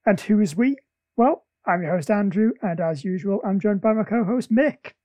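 A man's voice: high-pitched, animated, mellow, no echo. A man hosting a comic-book podcast, chatting casually with a playful, jokey manner. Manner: playful, jokey, quick asides. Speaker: podcast host.

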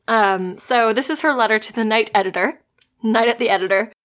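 A young woman hosts a podcast, telling stories in a chatty, giggly way that keeps wandering off on tangents. Her voice is a little high and fairly bright, and she talks fairly quickly.

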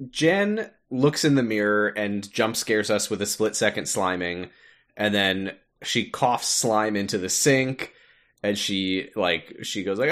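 A man co-hosting a casual chat over an online call, retelling scenes in an animated way, laughing often and swearing. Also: lowish voice. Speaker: podcast co-host. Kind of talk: casual chat recapping a TV episode. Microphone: home mic on an online call.

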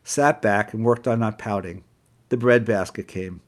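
A man's voice: on the low side, a little slow. Male narrator, wry memoir reading, sarcastic edge. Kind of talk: first-person storytelling.

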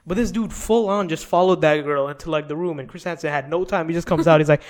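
A man's voice: fairly high pitch, quick pace, hardly any pauses, crowd noise. Laughing, rambling young-sounding man. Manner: rambling, laughing, acts out quotes. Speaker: podcast co-host. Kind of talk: casual chat.

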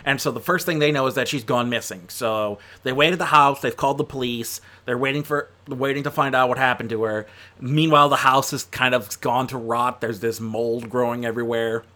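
A man's voice: medium pitch, fairly even intonation, brisk, pushed and bright. A man giving a casual spoken film review, chatty and rambling, with lots of fillers and self-corrections. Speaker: movie reviewer.

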